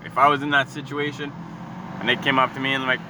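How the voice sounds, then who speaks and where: A man's voice: medium pitch, flat delivery, fast talker. A man delivering a heated, profane comedic rant, rambling and repeating himself. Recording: street recording with traffic noise. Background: passing cars.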